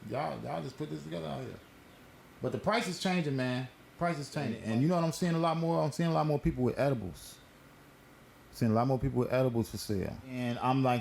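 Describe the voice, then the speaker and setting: A man's voice: mid-range voice, fast, vocal fry, darkish tone, slight background noise. A man hosting a casual current-events talk, telling stories in a laid-back, slangy and profane way while smoking. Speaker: host.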